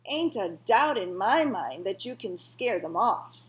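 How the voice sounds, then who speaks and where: A woman voicing a stern, bossy old country woman who barks orders loudly. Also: medium pitch, very animated, unhurried. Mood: coaxing. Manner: loud, commanding and gruff.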